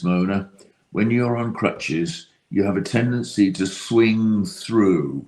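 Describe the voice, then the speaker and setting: A man's voice: sits low, a little mellow. A man with a British accent telling a dry, self-deprecating anecdote as a guest. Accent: British English. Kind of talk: casual anecdote.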